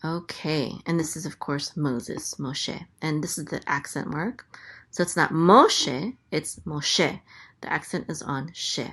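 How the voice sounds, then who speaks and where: Slow, low-voiced woman teaching patiently. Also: fairly even intonation, a bit bright, slightly rough. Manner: patient, repeats each syllable, some fillers. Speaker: Hebrew teacher. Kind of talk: slow, careful letter-by-letter lesson.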